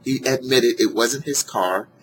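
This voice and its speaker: A man casually telling a personal story to his viewers, earnest and heartfelt, animated when he retells what people said. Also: medium pitch, a little slow, slight background noise, low-quality recording. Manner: animated, acts out quoted dialogue in a raised voice; earnest and heartfelt about gratitude. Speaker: vlogger sharing a personal story.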